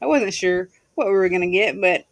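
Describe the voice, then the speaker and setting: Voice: mid-range voice, brisk, gravelly. A livestream host on a video call, chatting casually, laughing often and reading out viewer comments.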